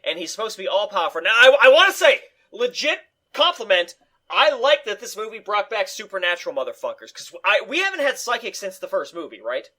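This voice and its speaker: A man co-hosting a casual movie review chat, ranting in a profane, animated way. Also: high-pitched, a little fast.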